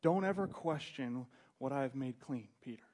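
A man voicing God speaking to a disciple in a soft, gently chiding, casual way. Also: mid-range voice, normal speed, lightly acted. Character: patient divine voice correcting a disciple.

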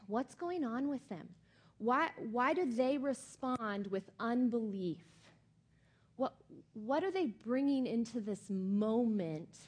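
Middle-aged woman pastor, chatty and emphatic sermon, higher voice, unhurried delivery. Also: husky. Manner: animated, emphatic, conversational with many fillers.

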